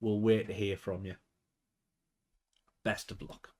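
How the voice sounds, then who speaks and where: A man reading the lines of a brash young woman wrestler in his own voice, with no accent, pitched somewhat higher. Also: level tone, slow, darkish tone. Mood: challenging.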